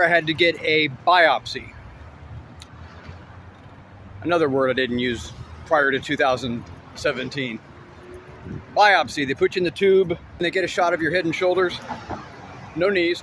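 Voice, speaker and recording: A man's voice: on the high side, fairly bright tone, slight background noise. A man telling a personal story as a comic monologue, wry and self-mocking with jokey asides.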